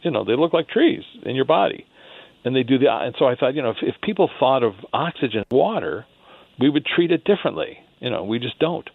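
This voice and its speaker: A gravelly-voiced man tells stories as a radio guest, acting out what others said and laughing often. His voice comes over a tinny phone line. The sound is dry and close. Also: medium pitch, a little fast, no echo. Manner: animated, acts out quoted speech, laughs often. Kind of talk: storytelling in a radio interview.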